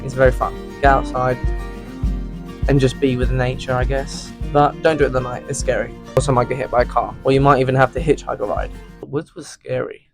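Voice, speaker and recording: Background music plays over outdoor phone audio as a young man vlogs at night, walking with a handheld phone and talking to the camera. His mid-range voice is creaky and flat, his pace brisk, and his chat jokey, self-mocking and nervous.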